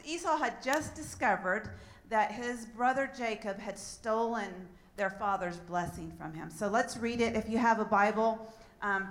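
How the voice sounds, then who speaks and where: A woman pastor preaching a sermon and reading scripture aloud. Her voice sits at an ordinary pitch. She keeps a relaxed manner and laughs at her own slips.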